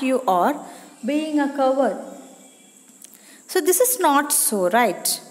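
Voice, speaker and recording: A woman's voice: high-pitched, big pitch swings, slow, pauses often, in a large hall. A woman teacher telling a moral story to children, repeating each line and checking with "right?". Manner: repetitive, asks "right?" often.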